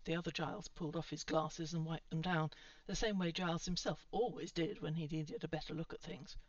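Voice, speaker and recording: A woman's voice: sits low, steady tone, fairly quick, dry recording. Woman narrating a story, muffled and far. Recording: dull lo-fi sound from off mic.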